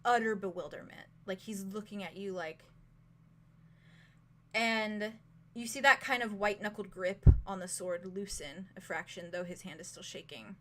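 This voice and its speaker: A woman narrating as game master of a tabletop game, describing scenes slowly with many fillers. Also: medium pitch, a bit bright. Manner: slow, filler-laden, vivid description.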